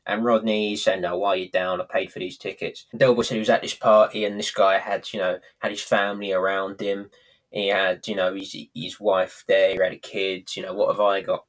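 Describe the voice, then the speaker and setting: A man's voice: fairly low pitch, level tone, brisk. A man co-hosting a podcast, rambling through a recap with lots of ums and self-mocking laughs. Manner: rambling, hesitant, laughs at himself. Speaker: podcast co-host. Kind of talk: casual chat.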